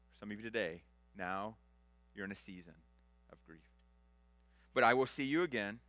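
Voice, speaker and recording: Bright, crisp-voiced man preaching. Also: medium pitch, dry recording. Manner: conversational preaching, swings from loud animated to hushed soft. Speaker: pastor. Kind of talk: sermon.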